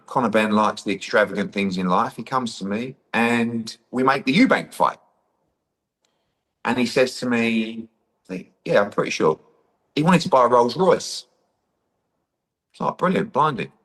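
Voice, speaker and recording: A middle-aged man, a boxing promoter, telling a story in an interview and acting out the dialogue. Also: mid-range voice. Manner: animated, acts out quoted dialogue, says "blah, blah, blah".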